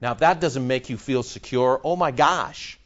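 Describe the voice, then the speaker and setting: A man preaching a sermon as pastor, animated and sarcastic, firing rhetorical questions at the congregation. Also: mid-range voice, normal speed, dull audio.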